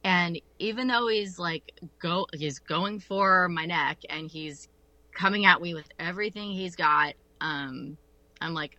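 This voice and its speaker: Bright-voiced woman telling a story. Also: on the low side, a little slow, no room sound, dull audio. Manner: animated, acts out quoted voices, swears freely. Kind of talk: casual storytelling chat.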